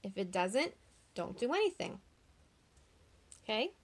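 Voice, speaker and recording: A woman's voice: mid-range voice, very animated. A woman teaching young children phonics online, drawing out the sounds of words and asking patient, encouraging questions. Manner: slow, drawn-out sounding out of words.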